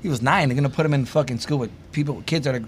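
A man's voice: medium pitch, very fast, slight background noise. A man talking as a guest on a casual podcast, laid-back and swearing, often trailing off. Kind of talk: casual chat.

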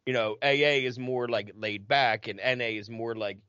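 A man's voice: medium pitch, fairly even intonation, moderate pace, bright, forceful tone, clear, resonant tone, no echo. Chatty host guy, swears some, dry close sound but kinda dull. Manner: chatty, laughs easily, swears. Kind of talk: casual conversation.

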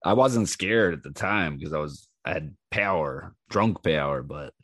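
A man hosting his own podcast, telling wild stories in a casual, animated way. He acts out the people in them with raised voices, swears freely and laughs as he goes. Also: rumbling low, measured pace, slightly rough, no echo, clean studio sound. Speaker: podcast host. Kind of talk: casual storytelling monologue.

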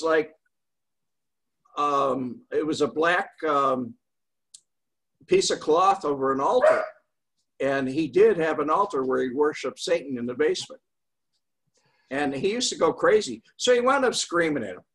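An older man, a guest, telling a long story in a casual, rambling way, with pauses and fillers. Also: a little high, fairly bright tone.

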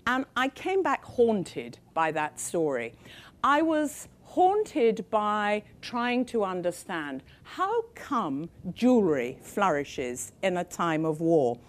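A woman's voice: medium pitch, very animated, slow. An older woman from England, an author giving a public talk, telling her story in a conversational way with frequent fillers.

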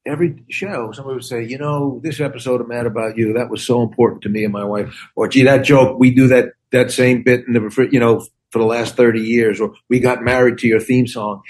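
A man's voice: medium pitch, a little fast, hardly any pauses, a little hiss or hum. A man in his sixties, a comedian and actor, chatting casually and acting out the back-and-forth of his stories. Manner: animated storytelling, acts out quoted exchanges. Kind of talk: casual chat.

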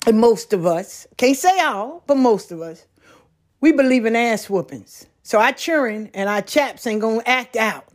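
A woman talking casually on a back porch outdoors, telling stories in a folksy, animated way. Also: on the high side. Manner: folksy, animated storytelling with laughs. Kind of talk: casual monologue.

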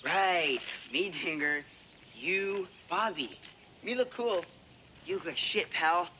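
Teen wiseguy, mocking, high voice, bright, faint background noise. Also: male voice, expressive, takes it slowly, dull audio. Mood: teasing. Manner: jokey, teasing, then soothing. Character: wisecracking teenage boy, cocky and mocking. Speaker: high school student.

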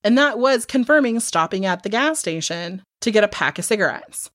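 Animated woman retelling a true crime case. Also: mid-range voice, moderate pace, no room sound. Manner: animated, swearing, acts out people's lines. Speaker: podcast co-host. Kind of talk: casual true crime chat.

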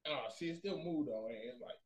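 A young man hosting a casual movie review podcast, slangy and excitable, with loud bursts of hype. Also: mid-range voice, fairly quick, a little hiss or hum. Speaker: podcast host.

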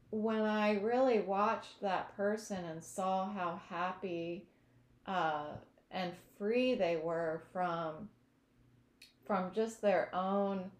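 A woman's voice: mid-range voice, a little mellow. A woman as an interview guest, earnestly telling her recovery story and sometimes searching for words. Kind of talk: reflective personal testimony. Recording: echoey room.

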